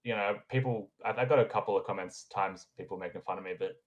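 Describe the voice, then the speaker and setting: A young man with a fairly low voice talks casually as a podcast guest. He rambles, fills pauses and restarts his sentences in an easygoing, unscripted way. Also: lo-fi sound. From Australia. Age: young adult. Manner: relaxed and rambling, with frequent fillers and restarts. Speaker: podcast guest, engineering graduate. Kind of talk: casual conversation.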